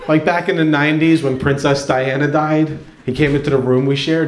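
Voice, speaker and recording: A man's voice: on the high side, steady tone, a little fast, hardly any pauses. A man in his forties doing a conversational stand-up routine on a comedy club stage. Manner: conversational, lots of "like". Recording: echoey club with a laughing crowd.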